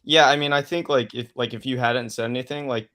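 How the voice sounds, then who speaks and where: A man's voice: mid-range voice, fairly even intonation, brisk, a bit bright. A man in casual podcast chat, thinking aloud with many fillers. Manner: loose, filler-heavy musing.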